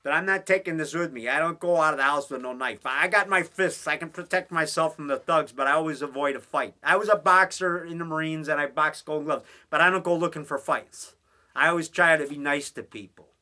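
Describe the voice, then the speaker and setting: Chatty, bright-voiced man rambling on. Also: on the high side, a little fast. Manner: enthusiastic, rambling, with many fillers and restarts. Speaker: indie horror filmmaker hosting a home broadcast. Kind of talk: rambling casual monologue. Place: basement room at home.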